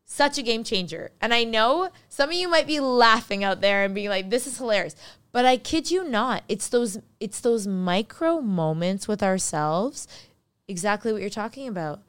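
Woman, life coach, podcast guest, upbeat, emphatic, smooth voice. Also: a little high, expressive, normal speed, fairly bright tone. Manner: upbeat, emphatic, laughs often. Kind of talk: motivational podcast talk.

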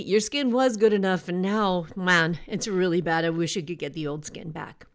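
A woman hosting a show, giving an earnest, reflective motivational talk in a conversational way, slowing down to stress key words. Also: fairly low pitch. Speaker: podcast host.

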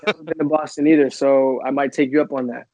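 A man, an actor guest on a podcast, speaking humbly and gratefully, halting often with many fillers. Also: medium pitch, fairly even intonation, mellow, dry recording. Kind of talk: casual interview. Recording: dull, dry remote audio.

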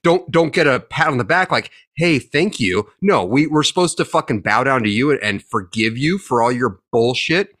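A man's voice: medium pitch, moderate pace, few pauses. A man co-hosting a podcast, ranting angrily and swearing constantly in casual chat. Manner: angry swearing rants, animated. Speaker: podcast co-host.

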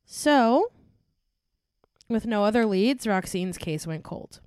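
A woman's voice: mid-range voice, lively intonation, slow pace, darkish tone, clean tone, dry recording, studio quality. A young woman co-hosting a podcast, chatting with her friend and then reading through a murder case, laughing often. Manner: chatty, giggly, reads case notes. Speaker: true crime podcast co-host. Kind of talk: casual podcast chat and case narration.

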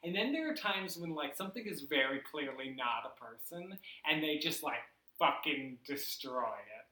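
A man talks through a movie on a podcast in a bright, fairly high voice, the sound ringing in an echoey room. He speaks hesitantly and thoughtfully, using many fillers. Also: lively intonation, moderate pace. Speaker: podcast guest. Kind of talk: casual movie podcast chat.

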